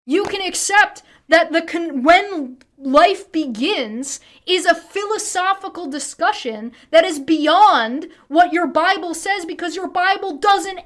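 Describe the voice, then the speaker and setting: Woman streamer, high voice, heated and foul-mouthed reaction talk. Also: a bit bright. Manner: swears constantly, heated and ranting. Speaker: streamer reacting to a debate video. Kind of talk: angry reaction rant.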